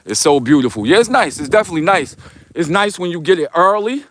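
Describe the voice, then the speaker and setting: A man's voice: a little high, expressive, fast talker, fairly bright tone. A man with a New York accent hosting a casual livestream outdoors while walking, reading viewers' comments aloud in loose, slangy talk. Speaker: livestream vlogger. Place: outdoors on a snowy street, walking.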